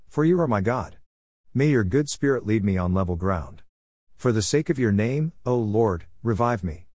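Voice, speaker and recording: A man with a low voice reads from the Bible in a steady, measured cadence. The recording is dry and close, with no room sound at all.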